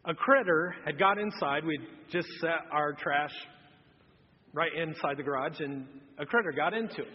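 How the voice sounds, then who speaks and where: A man in his thirties preaching a humorous sermon, telling a self-mocking story in an animated way. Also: a little high, moderate pace, breathy edge, big-room sound, highs cut off. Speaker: pastor. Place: church auditorium.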